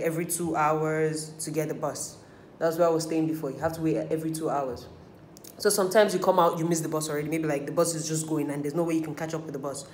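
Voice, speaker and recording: Woman with a lowish voice telling stories, swears a lot, echoey room, bit of hiss. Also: darkish tone. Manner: candid storytelling with swearing and acted-out quotes. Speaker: beauty vlogger. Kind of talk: casual chat.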